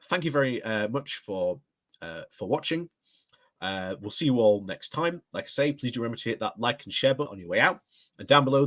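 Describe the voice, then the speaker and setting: A man's voice: mid-range voice, a bit bright. Rambling man hosting a vlog. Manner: rambling, hedging with lots of ums and "like I say". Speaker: host. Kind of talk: casual political commentary vlog.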